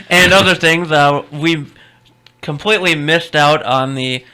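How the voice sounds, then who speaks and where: A man hosting a radio show, bantering with his co-hosts in an upbeat, jokey way. His voice is bright and forward and sits a touch high. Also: clear, resonant tone. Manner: upbeat, jokey, quick asides. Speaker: radio host. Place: radio studio.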